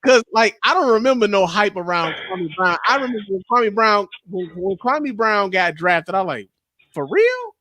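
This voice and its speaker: Man, thirties, podcast co-host, high voice, dead-dry sound, casual sports banter, profane. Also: moderate pace, hardly any pauses, no room sound. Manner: loud, laughing, profane banter.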